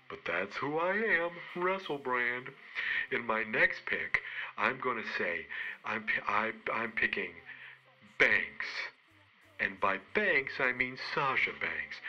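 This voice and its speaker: Guy on a podcast rambling thru his picks, lowish voice, really sharp and bright, keeps stumbling and mocking himself. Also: low-quality recording. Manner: rambling, halting, self-mocking. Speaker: podcast co-host giving wrestling picks. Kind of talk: comedic rambling monologue.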